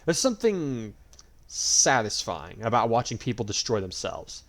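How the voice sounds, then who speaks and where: A man's voice: mid-range voice, very animated, normal speed. A man voicing a smug, cruel male dragon god in a fan audio story, with a mocking, drawling, theatrical delivery.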